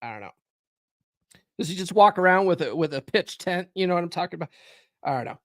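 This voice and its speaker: A man's voice: sits high, lively intonation, fast talker, fairly bright tone, dry recording, studio quality. A man hosting a live stream podcast, talking animatedly with frequent swearing and "okay?" tags. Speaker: podcast host. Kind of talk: live stream commentary and book reading.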